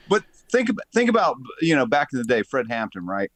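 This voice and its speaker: A man's voice: mid-range voice, big pitch swings, moderate pace, a bit bright, dry recording. A man co-hosting a casual group chat, thoughtful and hesitant, restarting his sentences often. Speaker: show co-host.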